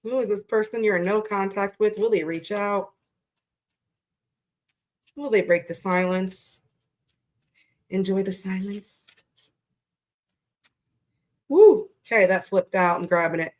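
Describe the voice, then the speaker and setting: A woman's voice: mid-range voice, steady tone, unhurried, long pauses. A woman hosting a live tarot reading, chatting casually with viewers, greeting them by name and swearing freely. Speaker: tarot reader livestream host. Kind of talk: casual livestream chat.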